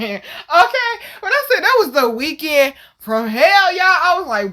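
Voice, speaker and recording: Woman, fairly high-pitched, brash storyteller voice. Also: a little slow, hardly any pauses. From Virginia, USA. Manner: animated, profane, laughing, acts out the people in her story. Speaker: channel host telling a personal story. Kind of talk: casual storytelling.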